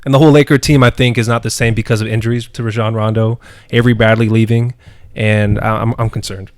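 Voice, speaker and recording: Young guy, low-ish voice, talks fast and flat, blunt sports chat. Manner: short blunt replies, swearing freely. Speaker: podcast co-host.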